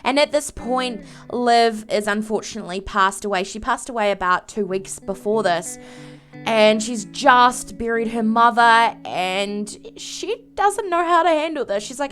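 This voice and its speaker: Woman, game video narrator, dramatic storytelling, fairly high voice, faint guitar music. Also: animated, normal speed, fairly bright tone. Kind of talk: story narration over gameplay.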